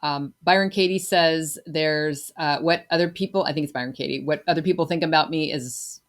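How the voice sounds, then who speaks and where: A woman's voice: low voice, fairly quick. A woman hosting a podcast, talking casually and frankly, with fillers and restarts. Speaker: podcast host. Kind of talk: podcast conversation.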